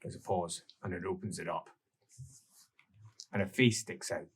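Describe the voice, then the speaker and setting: Husky-voiced man narrating a tabletop game. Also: sits low, steady tone, normal speed. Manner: improvised storytelling, many restarts. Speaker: game master.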